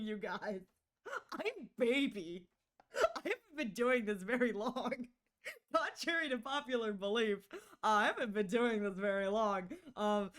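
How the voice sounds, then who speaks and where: A woman's voice: fairly high pitch, a bit bright. A woman streamer chatting casually with her viewers, giggling often, rambling and apologizing with many restarts. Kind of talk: casual chat with live chat.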